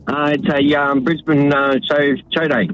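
A man's voice: a little high, level tone, normal speed, lo-fi sound, faint music behind. An Australian man calling in to a radio show by phone, hesitant and full of fillers. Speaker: caller. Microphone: phone line.

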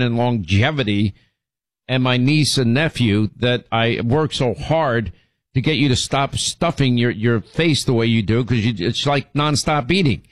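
A man's voice: medium pitch, no echo. A middle-aged man hosting a show, telling rambling stories and teasing his co-host in casual banter. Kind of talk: casual on-air storytelling.

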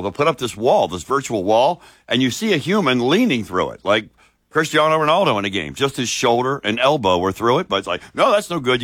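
A man's voice: mid-range voice, no echo, studio quality. A man hosting a casual talk show, telling stories with enthusiasm. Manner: animated, enthusiastic storyteller. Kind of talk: casual chat.

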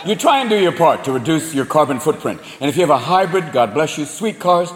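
A man doing crude, animated stand-up comedy on a live stage. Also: fairly high pitch, brisk, a little hiss or hum. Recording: live hall echo, loud crowd.

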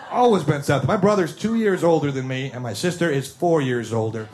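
A man's voice: a little high, brisk, few pauses, a little mellow, slight background noise. A man doing stand-up, rambling through family stories and acting out the voices in them. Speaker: stand-up comedian. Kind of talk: stand-up comedy.

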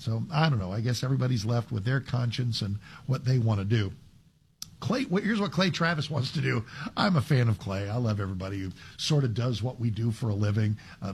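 A man's voice: medium pitch, darkish tone, slight background noise. A man hosting a talk radio show, giving conversational commentary with frequent restarts and sarcastic asides.

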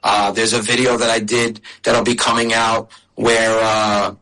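A middle-aged man talking casually in an interview with a bright, forward voice. He tells stories in a chatty way, often restarting his sentences. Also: lowish voice, flat delivery, measured pace, rough recording. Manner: storytelling, chatty with restarts and laughs. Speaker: comedian and video creator.

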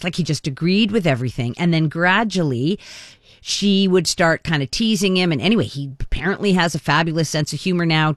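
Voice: medium pitch, dry recording. Chatty radio call-in host, dry studio. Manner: chatty, laughs easily. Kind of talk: casual call-in radio talk.

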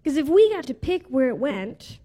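A woman's voice: high voice, big pitch swings, moderate pace, warm tone. Heartfelt woman preaching in a reverberant hall. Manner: heartfelt, personal storytelling. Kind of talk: sermon storytelling. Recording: long reverb of a large hall.

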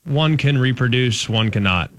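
Folksy sports radio co-host. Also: male voice, medium pitch, expressive, moderate pace, fairly bright tone. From Dallas-Fort Worth, Texas. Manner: emphatic, folksy, repeats phrases for emphasis. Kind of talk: casual sports talk.

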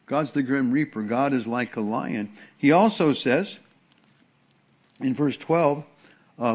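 Middle-aged male pastor, mid-pitched voice, preaching in a loose conversational way with repeated emphatic phrases. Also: takes it slowly, pauses often, a little mellow. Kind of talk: sermon.

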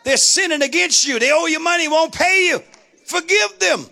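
A woman's voice: very high-pitched, moderate pace, vocal fry, bright, forceful tone. A woman preacher delivering a sermon in a rhythmic call-and-response style, building to rising exclamations.

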